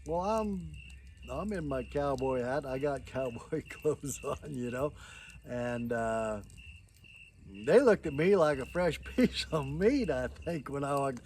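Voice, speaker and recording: A man's voice: mid-range voice, lively intonation, slow pace, darkish tone, slight background noise. Rambling folksy older man telling stories. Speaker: storyteller. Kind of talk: casual spoken storytelling.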